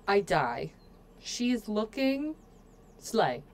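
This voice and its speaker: A woman's voice: mid-range voice, animated, measured pace, a little mellow. Playful woman streamer chatting with viewers. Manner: playful, joking asides to chat; chatty, addresses viewers often. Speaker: game streamer. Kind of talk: casual let's-play commentary.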